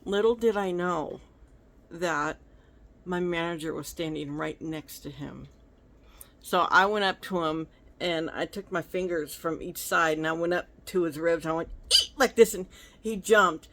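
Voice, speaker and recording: A woman's voice: on the low side, a little slow, fairly bright tone. Chatty woman vlogging. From United States. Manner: chatty, rambling. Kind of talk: casual storytelling vlog. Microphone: phone.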